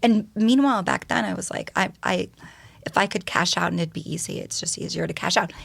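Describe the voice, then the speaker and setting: A woman talking as a podcast guest, telling her story in an animated, expressive way and swearing casually. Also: lowish voice, fairly quick, vocal fry, slightly rough. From United States.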